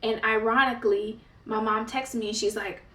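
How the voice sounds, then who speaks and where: A woman's voice: fairly high pitch, fairly even intonation, normal speed, a bit bright, far from the mic. A woman vlogger telling a personal story in a chatty, casual way, peppered with fillers. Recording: roomy, set back from the mic.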